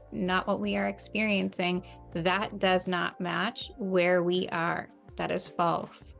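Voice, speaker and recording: A woman manifestation coach talks in a slow, earnest, measured way, coming back to key phrases for emphasis. Her voice stays flat and even with a heavy gravelly fry running through it. Faint music plays behind her. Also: medium pitch. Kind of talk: slow, calm motivational talk.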